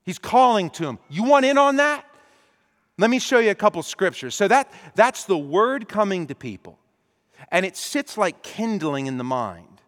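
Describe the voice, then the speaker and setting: A pastor preaching a sermon, acting out imagined conversations with lively, animated delivery. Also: male voice, sits high, moderate pace, in a large hall. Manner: animated, acts out imagined dialogue. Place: church.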